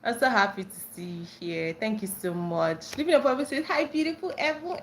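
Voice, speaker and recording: A young Nigerian woman hosting a casual livestream, reading chat comments aloud and breaking into excited squeals when friends join. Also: normal speed, few pauses, a little hiss or hum. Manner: bubbly, bursts into high squeals greeting friends.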